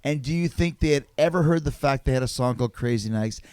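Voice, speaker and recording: A man talking as a guest in a casual podcast chat, animated and emphatic, swearing freely as he makes his points. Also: mid-range voice, fast, clean tone, no echo.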